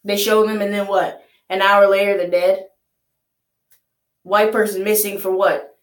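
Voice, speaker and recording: A woman's voice: mid-range voice, flat delivery, unhurried, reverberant. A young woman hosting a reaction video, chatting casually, laughing often and asking rhetorical questions.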